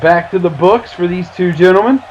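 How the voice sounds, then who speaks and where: A man's voice: sits high, normal speed, highs cut off, a faint crowd, slight background noise. A man working as color commentator at a wrestling show, easygoing and agreeable.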